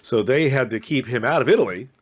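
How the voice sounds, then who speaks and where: A man co-hosting a casual podcast, meandering through his thoughts with plenty of fillers and restarts. His pitch rises and falls a lot as he talks, though it sits at an average height. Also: animated, fast. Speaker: podcast co-host. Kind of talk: casual chat.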